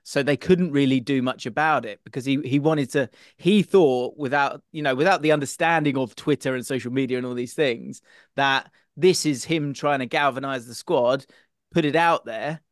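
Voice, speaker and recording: A man on a football podcast, recounting a story with quick asides. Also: mid-range voice, no room sound, clean studio sound. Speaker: podcast guest. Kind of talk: casual football podcast chat.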